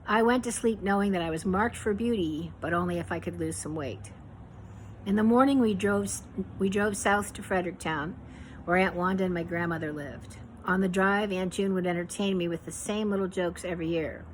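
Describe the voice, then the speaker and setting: A woman from Pittsburgh reading her memoir aloud in an unhurried, reflective way, now and then correcting herself. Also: on the low side, a little hiss or hum, poor audio. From Pittsburgh, USA.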